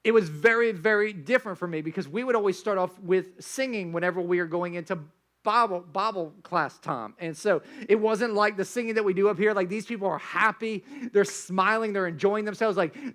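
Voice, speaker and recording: A male pastor delivering a sermon in a loose, joking storytelling way, often restarting his sentences. His voice sits high and sounds bright.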